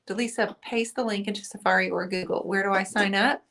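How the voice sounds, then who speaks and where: A woman's voice: mid-range voice, fairly even intonation, brisk, fairly bright tone. A woman hosting a casual livestream, chatty and teasing as she reads viewer comments aloud. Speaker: livestream host.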